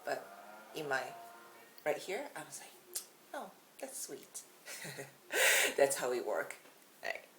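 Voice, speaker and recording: A woman's voice: rumbling low, wildly swooping pitch, takes it slowly, pauses often, pushed and bright, a little hiss or hum, low-quality recording. A Japanese woman with a Japanese accent, teaching a casual video lesson in a chatty, giggly way. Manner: chatty, giggly, self-deprecating. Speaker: language teacher.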